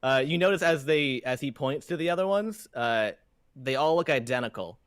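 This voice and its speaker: A man narrating as game master of a tabletop game, halting and full of fillers. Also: mid-range voice, lively intonation, clean tone, dry recording.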